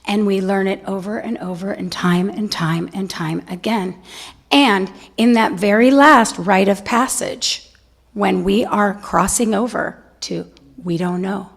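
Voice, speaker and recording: A woman's voice: mid-range voice, a little slow, gravelly. A middle-aged woman giving an inspirational spiritual talk to a congregation, telling personal stories with laughter and often asking "right?". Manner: storytelling with laughter and frequent "right?". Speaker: guest speaker at a spiritual center.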